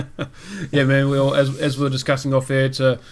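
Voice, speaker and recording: A man's voice: medium pitch, level tone, brisk. Chatty man hosting a gaming podcast. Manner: chatty, rambling with restarts and fillers. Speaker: podcast host. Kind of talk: casual gaming podcast chat.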